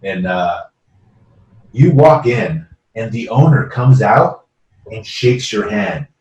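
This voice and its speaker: Podcast host, echoey and off mic. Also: male voice, lowish voice, expressive, darkish tone, distant mic, muffled recording. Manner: friendly, laughs along, quick agreeing replies. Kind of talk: casual conversation.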